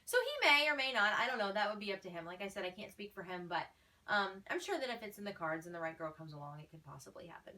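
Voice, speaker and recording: A woman's voice: medium pitch, very animated, fast talker, pushed and bright, far from the mic. A woman fan page admin answering fan questions in a casual vlog, blunt, feisty and exasperated.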